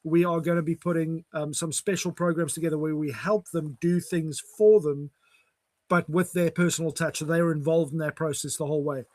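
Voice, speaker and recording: A man's voice: on the high side, fairly even intonation, moderate pace, darkish tone, no room sound. A man hosting a casual online chat, talking in a chatty, upbeat way over a video call. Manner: chatty, upbeat sign-offs. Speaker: host.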